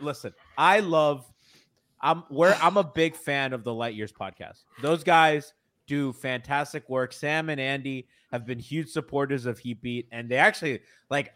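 A man hosting a casual sports podcast on a video call, laughing often and reading viewer comments aloud. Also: mid-range voice. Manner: laughs often, excitable, reads chat aloud. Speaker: podcast host. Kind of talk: casual postgame chat.

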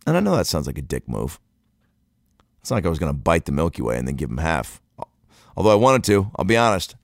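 A man's voice: very deep voice, very animated, fast talker, creaky, pauses often, no echo, studio quality. A man telling a comedic story in a loose, profane, rambling way.

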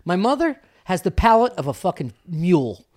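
A man's voice: high-pitched, very animated, moderate pace, a little mellow. A man co-hosting a podcast in casual chat, brash and profane, teasing his friends. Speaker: podcast co-host.

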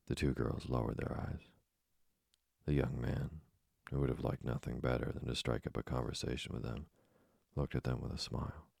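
A man narrating an audiobook in a measured, even manner, with a deep, husky voice. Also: dry recording, studio quality. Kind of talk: scripted narration.

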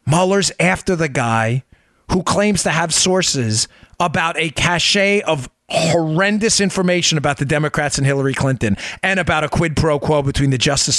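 A man's voice: fairly high pitch, a bit bright, no room sound, clean studio sound. A middle-aged man hosting a political commentary podcast, talking in an emphatic, incredulous way and repeating his points for effect. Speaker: podcast host.

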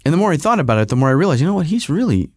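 Animated, rambling man. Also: on the high side, very fast, no room sound, clean studio sound. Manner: animated, rambling storyteller with self-interruptions. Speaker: podcast host. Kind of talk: casual monologue.

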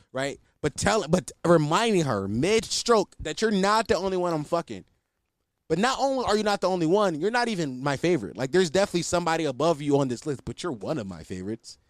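A man's voice: fairly high pitch, no room sound, studio quality. Candid, slangy young man telling stories. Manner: candid, profane, slangy, self-mocking. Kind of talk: casual storytelling.

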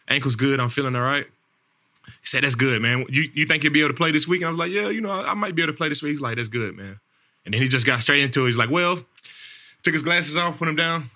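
A man's voice: a little high, pushed and bright. A man in his thirties hosting a podcast, telling a story in a rambling casual way, repeating words and saying "man" and "like" a lot. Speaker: podcast host, NFL player.

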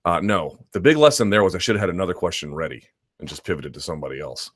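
A man's voice: sits low, fast, no room sound, studio quality. A man hosting a live chat stream, answering viewer questions in a loose, rambling conversational way with restarts and asides.

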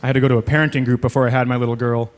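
A middle-aged man doing a stand-up comedy set on a club stage, trading deadpan insults with sudden shouted bursts. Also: medium pitch, very fast. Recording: live club recording, loud laughing crowd. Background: audience laughter and noise.

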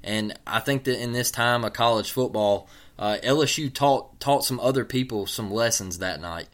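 Man, podcast host, bright voice, easygoing drawl, casual sports chat. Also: medium pitch, moderate pace. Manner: laid-back, drawling, says "man" a lot.

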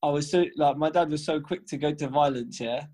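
A man's voice: fairly high pitch, a little fast, mellow. A young man, co-hosting a podcast and telling a long family story in casual, slangy, profane chat. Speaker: podcast co-host.

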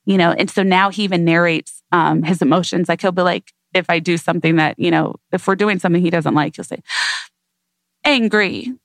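A woman's voice: fairly low pitch, fairly even intonation, quick pace, creaky, hardly any pauses, dry recording. A woman guest on an interview show, speaking earnestly and reflectively in repeated emphatic phrases.

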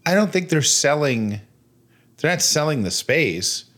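A man's voice: on the high side, big pitch swings, unhurried, fairly bright tone. A man in his thirties co-hosting a podcast in casual chat, playful and jokey. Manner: jokey, playful, puts on a mock Australian voice. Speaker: podcast co-host.

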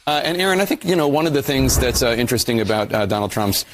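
A man speaking as a TV news anchor, measured but quick, with small filler pauses as he offers analysis. The clip carries a faint hiss of background noise. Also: mid-range voice, expressive.

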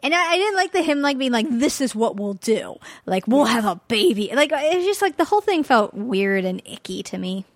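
A woman guest chimes in on a casual podcast, her voice a little high and her phrasing halting and indignant. The recording is dry and close. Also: very animated, dry recording. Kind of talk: casual chat.

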